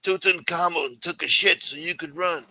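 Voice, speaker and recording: A man's voice: fairly even intonation, moderate pace, pushed and bright, poor audio. A man putting on the voice of a sentimental old-school mob elder, rambling and wheedling in a raised voice. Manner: higher-pitched, rambling and wheedling.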